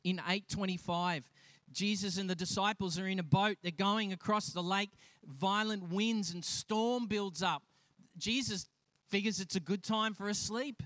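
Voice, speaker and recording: A man preaching a sermon, animated and acting out the voices of the people in his stories, with frequent restarts. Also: high-pitched, unhurried, dry recording. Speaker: pastor.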